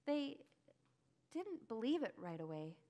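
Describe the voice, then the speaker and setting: A woman acting a grieving early follower in a first-person dramatic monologue, telling it breathlessly and crying out in high bursts. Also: sing-song, unhurried, dark tone. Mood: wondering. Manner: emotional, breathless storytelling, cries out in high bursts. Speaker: church dramatic monologue performer.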